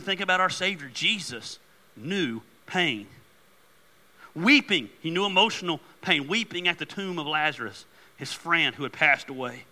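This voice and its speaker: Middle-aged male pastor preaching, high-pitched and very bright, animated joker who turns earnest. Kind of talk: sermon.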